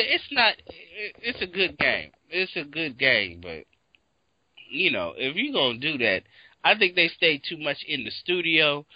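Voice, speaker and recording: A man from Seattle chats casually with a high voice that leaps wildly up and down. He is profane and animated and acts out his own reactions. The recording is dull, lo-fi and dry. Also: no room sound. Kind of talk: casual chat.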